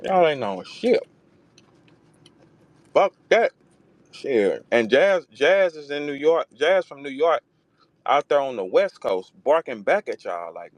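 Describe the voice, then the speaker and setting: Man, casual host chat, profane, animated, dry close sound. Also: mid-range voice, slow, pauses often, dry recording. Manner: profane, animated, slips into mocking voices when quoting. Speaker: host of a battle rap talk space. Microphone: online audio room.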